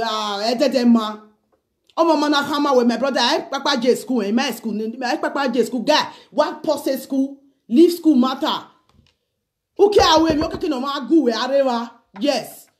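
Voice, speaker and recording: A woman's voice: on the high side, a little mellow. A Nigerian woman records a casual video message, pleading with someone she calls her brother. She moves between English and Pidgin and keeps asking "okay?". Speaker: vlogger sending a video message. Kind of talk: casual spoken appeal to the camera.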